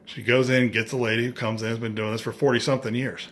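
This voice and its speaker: A man's voice: medium pitch, a little fast, a little hiss or hum. Man telling a story with dry humor. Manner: animated, acts out others' lines; dry, self-mocking humor. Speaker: vlogger. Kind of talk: casual storytelling.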